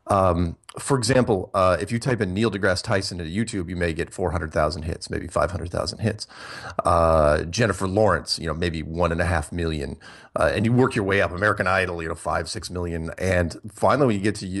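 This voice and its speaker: A man talking as an interview guest, explaining at length with many fillers and restarts. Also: low voice. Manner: rambling, thinks aloud with many fillers and restarts. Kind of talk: casual interview talk.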